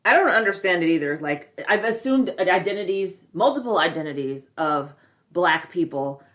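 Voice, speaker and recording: Female co-host, slightly low voice, outspoken and incredulous, casual. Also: expressive, moderate pace, a bit bright. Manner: outspoken, incredulous, swears freely. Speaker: podcast co-host. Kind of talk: casual chat.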